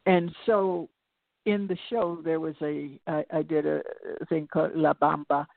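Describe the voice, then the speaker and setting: An older woman talks as an interview guest, her voice gravelly and textured. She tells stories reflectively, drifting off on side paths and restarting before circling back. It comes through a tinny, phone-like line with a dry, close sound. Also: sits low, fairly even intonation, a little slow, dry recording. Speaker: interview guest, singer and lecturer. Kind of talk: reflective conversational storytelling.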